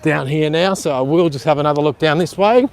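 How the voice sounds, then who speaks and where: An Australian man rambling excitedly to live-stream viewers from outdoors beside a canal, with a camera-mounted mic. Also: fairly high pitch, fairly quick. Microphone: handheld camera with plug-in mic.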